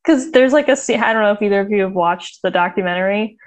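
A woman's voice: medium pitch, quick pace. A woman co-hosting a podcast in casual chat, a chatty storyteller who laughs often. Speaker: podcast co-host.

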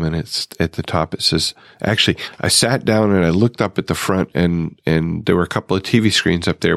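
Low, gravelly man musing to listeners. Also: no echo, studio quality. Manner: musing, conversational, asks listeners direct questions. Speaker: podcast host. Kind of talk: reflective solo podcast monologue.

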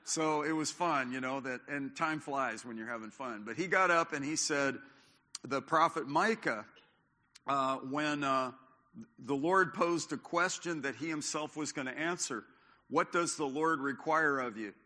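A man's voice: a little high, a little slow, sharp tone. An older man preaching a sermon as pastor, talking in a conversational way with many fillers and restarts. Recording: long hall reverb.

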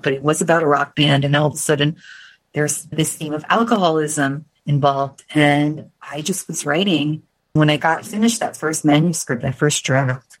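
A woman's voice: low-pitched, poor audio. A middle-aged woman from New York, candidly telling her personal story in an interview, reflective and often restarting words. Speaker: guest.

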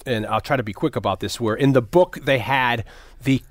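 A man's voice: medium pitch, brisk, dry recording, clean studio sound. A man in casual conversation, retelling a film scene by scene, acting out the characters' lines, swearing freely and often restarting his sentences. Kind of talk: casual movie discussion.

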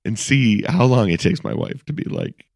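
Gravelly, lively-voiced man podcast co-host. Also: fairly low pitch, dry recording. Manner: laid-back, dry jokes and quick agreement. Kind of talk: comedic podcast banter.

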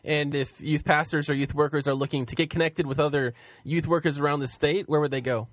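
A man's voice: on the high side, steady tone, fairly quick, dry recording. A man hosting a talk radio show, speaking in a friendly, promotional way.

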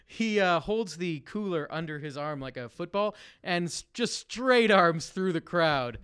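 Guy playing a tabletop game, talks really slow, bright voice. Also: fairly high pitch, expressive, clean tone. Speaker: player.

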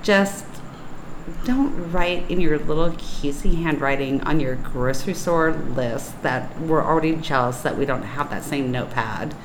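A woman's voice: low-pitched, measured pace, reverberant, background noise. A woman co-hosting a podcast in casual chat, amused and laughing often. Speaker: podcast co-host. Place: apartment room.

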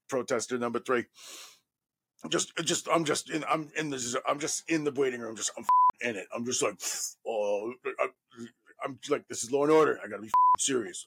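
A man in his thirties from New York, a guest actor telling a profane, animated story full of fillers. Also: medium pitch, creaky, husky. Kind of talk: casual anecdote telling.

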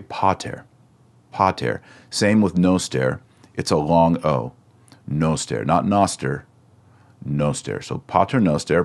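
Texan male instructor, very low bass voice, patient and methodical. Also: darkish tone. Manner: patient, explains step by step. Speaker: Latin teacher. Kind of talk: online lesson.

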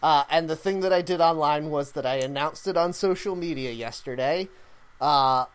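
A man's voice: fairly high pitch, moderate pace, a little hiss or hum. A man co-hosting a casual chat, talking with many fillers and laughing easily. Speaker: podcast co-host.

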